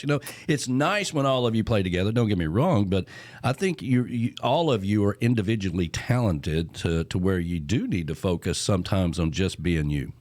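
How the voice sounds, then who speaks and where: Man, radio host, relaxed casual chat, lowish pitch, dry close recording. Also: normal speed, no echo. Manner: laid-back, peppered with "you know".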